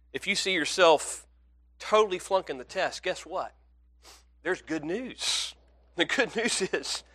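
A man preaching a sermon to his congregation, earnest, swinging from loud emphatic passages to hushed, pleading ones. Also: fairly high pitch. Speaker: pastor.

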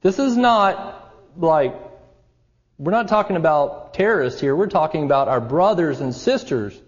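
A male pastor delivers a sermon in a fairly high voice, earnest and steady. He grows more intense as he presses his points home. The recording sounds slightly dull and lo-fi. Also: unhurried, in a large hall. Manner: earnest preaching, rising in intensity when stressing scripture.

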